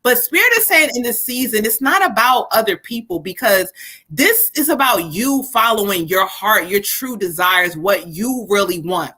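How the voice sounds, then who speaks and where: A woman's voice: medium pitch, animated, moderate pace, bright, forceful tone, husky. A woman hosting a live psychic reading stream who banters, laughs and swears with viewers before reading cards for them. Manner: laughing, bantering, profane, addresses viewers directly.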